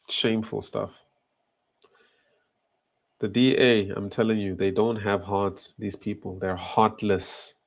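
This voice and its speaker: A man delivers reaction commentary with a fairly low, steady voice. He sounds indignant and pushes his points hard. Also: takes it slowly, gravelly, long pauses. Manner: indignant, emphatic.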